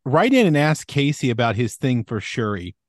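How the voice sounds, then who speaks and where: A man co-hosting a podcast in casual chat, with a middle pitch. He teases the others with dry banter. The recording is dry and close. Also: sing-song, moderate pace, no echo. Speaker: podcast co-host.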